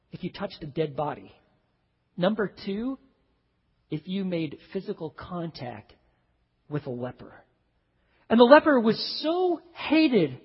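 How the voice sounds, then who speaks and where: A man preaching a sermon as pastor, swinging from hushed, slow passages to loud, urgent ones. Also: sits high, breathy edge, in a large hall, dull audio.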